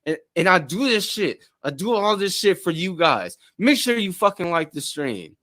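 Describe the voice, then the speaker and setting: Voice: mid-range voice, very animated, moderate pace, fairly bright tone. A streamer ranting at the audience in casual, profanity-heavy commentary.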